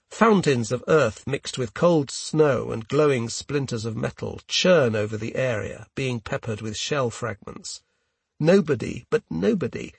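A man reading a first-person memoir in a measured, grave narrating style. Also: medium pitch, creaky, slightly rough, no room sound. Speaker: audiobook narrator.

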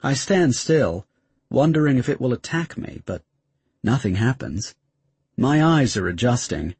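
Husky male audiobook narrator. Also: mid-range voice, a little mellow, dry recording. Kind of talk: first-person story narration.

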